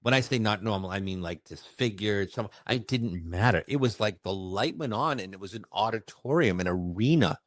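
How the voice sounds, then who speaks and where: Man, medium telling his story, expressive and emphatic, fast bursts, dry close sound. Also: fairly low pitch, no echo. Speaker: medium recounting his experiences. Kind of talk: animated storytelling in conversation.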